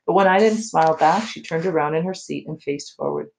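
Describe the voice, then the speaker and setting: A woman teacher reading a novel aloud to her class in a steady storytelling way. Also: low voice, brisk, a little hiss or hum.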